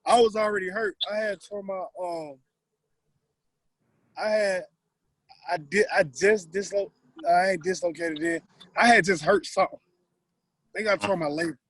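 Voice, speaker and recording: A man's voice: high voice, a little slow, long pauses, dry recording, rough recording. A man, a former football player, guesting on a podcast and telling a story casually in profane slang, acting out the other people in it. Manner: animated storyteller who acts out other people's lines.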